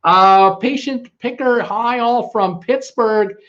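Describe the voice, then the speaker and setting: A man's voice: extremely high pitch, takes it slowly, fairly bright tone, lo-fi sound. A man with a Canadian accent hosting a live stream, greeting viewers and reading their comments aloud, chatty and stumbling over names. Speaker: livestream host.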